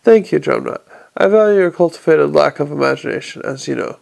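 Male reader as a cool city tyrant in a storybook reading: dry, measured, faintly mocking, slightly gravelly. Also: fairly high pitch, lively intonation, a little mellow. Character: cold, urbane male city tyrant, unhurried.

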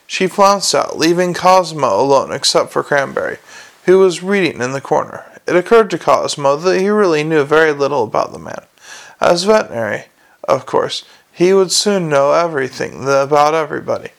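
Gravelly male audiobook narrator. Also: on the high side, sing-song, normal speed. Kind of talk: scripted narration.

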